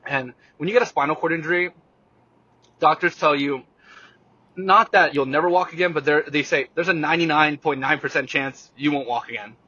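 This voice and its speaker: A young man, a guest on an interview show, telling a personal story in a halting casual way with many fillers and restarts. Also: on the high side, bright, forceful tone, highs cut off.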